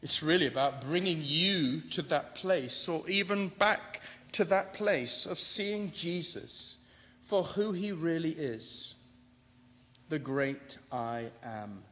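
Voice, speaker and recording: A man's voice: on the high side, takes it slowly, pushed and bright. A man preaching a sermon, dramatic and rising to emphatic declarations. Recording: long reverb of a large hall.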